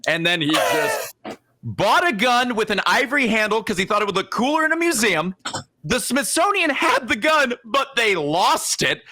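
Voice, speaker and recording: A man's voice: high-pitched, sing-song, normal speed, pushed and bright. A young man co-hosting a podcast, telling a comic history story casually and slipping into exaggerated quoted voices. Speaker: podcast co-host.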